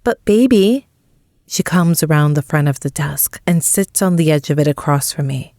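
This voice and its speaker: A woman narrates a story in the first person, reading slowly and with measured emotion. Her voice is low and the recording is dry, close and free of room sound. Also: fairly even intonation, darkish tone, dry recording. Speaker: audiobook narrator.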